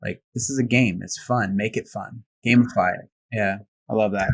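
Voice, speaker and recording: A man's voice: fairly low pitch, fairly even intonation, normal speed, creaky. A man co-hosting a podcast, chatting in an easygoing, joking way. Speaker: podcast co-host. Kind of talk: casual podcast conversation.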